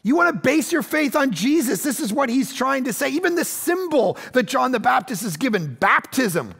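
A man in his forties preaches with a high voice and a gravelly edge. He tells stories in a loose, self-deprecating way and acts out the people in them. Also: moderate pace. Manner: animated storytelling that acts out quoted voices. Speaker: pastor. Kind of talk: sermon.

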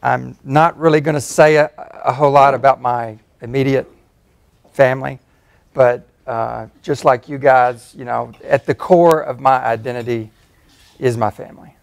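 A man in his fifties from Tennessee with a Southern accent, giving a relaxed, self-deprecating personal talk as a faculty speaker. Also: mid-range voice, moderate pace, vocal fry. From Tennessee, USA. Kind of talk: personal talk at a campus forum.

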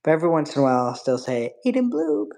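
A woman's voice: rumbling low, steady tone, racing, dark tone. A woman hosting a casual livestream, chatting with viewers and cooing baby talk to her pet bird.

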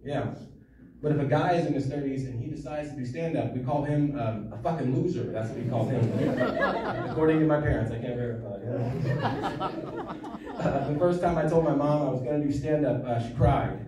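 Speaking a little fast at a medium pitch, this thirtysomething comic works through a stand-up routine full of dry self-mockery and mumbled side comments. He's captured from far back in a reverberant club while the crowd laughs around him.

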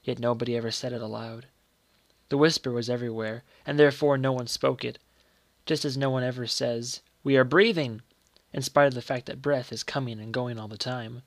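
Male reader, measured storybook narration; mid pitch, dry close sound. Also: no room sound. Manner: steady, measured reading.

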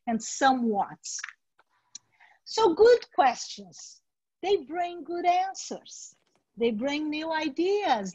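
A high-pitched woman gives a workshop talk over a video call. She speaks in a direct, coaching tone, and her voice comes through dry and slightly dull. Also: darkish tone, dry recording. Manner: direct, coaching tone, acts out sample interviews. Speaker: workshop presenter. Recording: dry, dull webinar audio.

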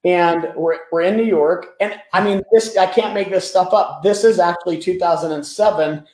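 An animated man tells business stories in a fairly high voice, often repeating words as he goes. The sound echoes as if in a bare room, and he comes across as a guest answering an interviewer. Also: moderate pace.

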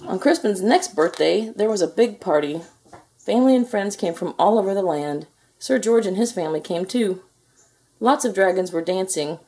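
A woman reads a children's picture book aloud, gentle and expressive as she tells the story. Her pitch is medium and her pace moderate.

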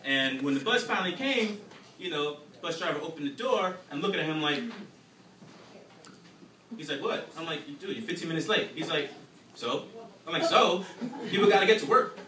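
A young man doing a live stand-up routine, telling animated stories and shouting his punchlines. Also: a little high, a little fast, pauses often. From New York. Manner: animated storytelling with shouted punchlines and frequent "you know what I'm saying". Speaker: stand-up comedian. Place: small live venue. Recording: roomy, distant, noisy live recording.

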